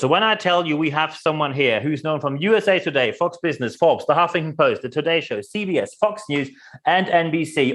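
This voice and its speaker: A man hosting an interview speaks in a formal, measured manner. His voice sits slightly high. He sets up his questions with care. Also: a bit bright. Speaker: interview host.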